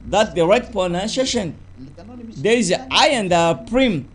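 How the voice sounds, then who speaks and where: A man preaching a teaching sermon in halting English, full of fillers and repeated words. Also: sits high, lively intonation.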